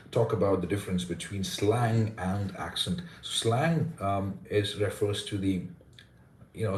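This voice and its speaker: Male pronunciation coach, low voice, earnest explainer, live Q&A, roomy echo. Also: darkish tone. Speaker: pronunciation teacher and content creator. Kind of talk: live Q&A lesson.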